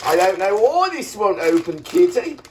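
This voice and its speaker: A man vlogging at home, scolding his cat in a high sing-song voice, with playful rambling asides. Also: very animated, normal speed, slight background noise. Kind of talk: casual vlog talk to his cat.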